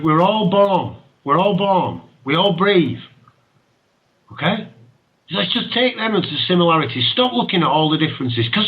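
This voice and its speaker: A man's voice: on the high side, lo-fi sound. A man hosting an internet radio show, talking with passion, ranting and laughing often. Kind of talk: impassioned talk radio monologue.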